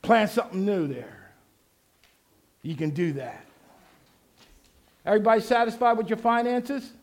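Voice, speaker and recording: A pastor preaching, leading the congregation in call and response and shouting out his refrains. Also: high-pitched, unhurried. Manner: exhorting, shouting refrains, laughing asides.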